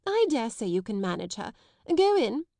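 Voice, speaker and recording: A woman voicing a stern, stately headmistress who speaks in a severe, loud manner in a storybook reading. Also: on the high side, big pitch swings, normal speed, creaky, no room sound, studio quality, full character voice.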